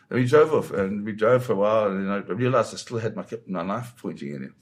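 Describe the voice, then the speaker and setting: An older man, a war photographer, recounting a dramatic story in an interview with vivid, halting restarts. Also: fairly low pitch.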